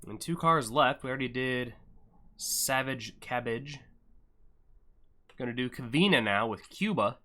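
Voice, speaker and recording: Young male stream host; bright, punchy tone, loose joking commentary, pokes fun at himself. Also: medium pitch, lively intonation, unhurried, pauses often. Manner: joking banter with chat, self-deprecating. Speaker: livestream host and event commentator. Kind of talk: casual live-stream commentary.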